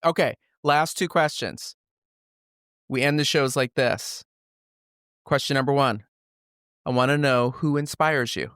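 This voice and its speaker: A man's voice: mid-range voice, measured pace, long pauses, fairly bright tone, smooth, no echo, clean studio sound. A man hosting a casual interview show, upbeat and joking as he leads his guest through set questions. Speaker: podcast host.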